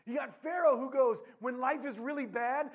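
A man preaching a sermon, mixing personal stories with scripture. His voice leaps up and cracks when a story gets excited, then drops low and quiet for serious points. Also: moderate pace. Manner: animated, voice jumps up and cracks when telling stories.

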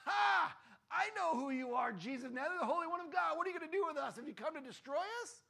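A man shouting as a shrieking, taunting demon. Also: very high-pitched, animated, fast, vocal fry, pitched above the performer's own voice, heavily acted. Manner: mocking, shouted outcry. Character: shrieking unclean demon, male, hostile.

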